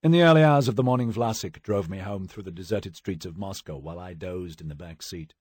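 A man's voice: low voice, a little fast, a little mellow, husky, no echo, clean studio sound. A man reading a first-person novel aloud as an audiobook, with wry, dramatic storytelling. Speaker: audiobook narrator.

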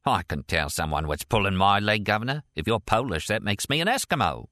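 A man's voice: lowish voice, lively intonation, brisk, bright, forceful tone, dry recording. A man voicing a chatty taxi driver with a teasing, familiar manner.

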